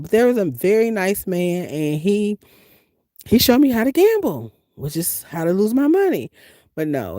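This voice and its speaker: Animated woman with lively, swooping pitch. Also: no room sound. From US Midwest. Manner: animated, emphatic storytelling with big pitch swings. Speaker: van-life vlogger. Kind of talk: casual livestream chat.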